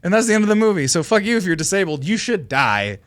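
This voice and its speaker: Man, podcast co-host, casual chat, lively swinging pitch, animated storyteller, swears a lot. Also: fast talker.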